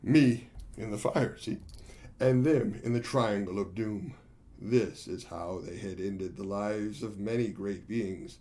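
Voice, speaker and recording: A man's voice: on the low side, slow pace, warm tone. A gleeful, boastful monkey warrior, voiced by a man, spinning a tale of his own battle. He talks to his listeners as friends and plainly enjoys his own bragging.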